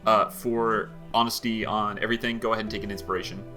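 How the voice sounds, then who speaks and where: A man's voice: on the low side, quick pace, soft background music. Laughing man running a tabletop game. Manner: laughs often, relaxed rulings. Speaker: game master.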